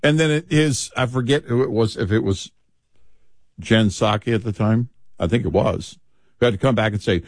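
A man co-hosting talk radio, agreeing and then telling a story in an animated way. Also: mid-range voice, normal speed, no room sound, clean studio sound.

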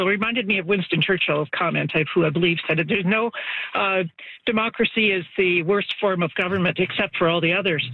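Male caller, high voice, hesitant, phone line. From Edmonton. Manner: hesitant, polite. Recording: tinny phone line with noise.

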